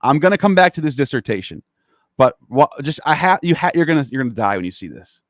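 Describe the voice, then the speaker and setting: A man's voice: mid-range voice, sing-song, fast talker, dry recording, studio quality. A man hosting a casual online discussion, talking in a rambling, profane and heated way. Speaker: podcast host.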